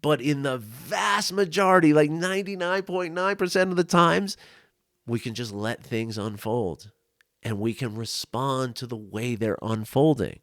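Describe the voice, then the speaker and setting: A male life coach telling a personal story to camera, earnest and reflective, with frequent "you know" and "right?" asides and soft laughs. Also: mid-range voice, animated, measured pace, no room sound, studio quality. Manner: laughs often between thoughts. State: tearful at times.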